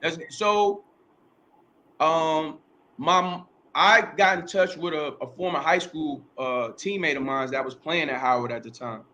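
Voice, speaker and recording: A man's voice: a little high, a little slow, sharp tone, dull audio. A middle-aged man, a podcast host, telling his life story in a casual interview, rambling, repeating himself and using slang and profanity.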